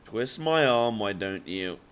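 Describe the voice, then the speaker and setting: A man's voice: fairly low pitch, animated, slow pace, a bit bright, clean tone. A man streaming a video game, chatting casually with viewers in a laid-back, joking way.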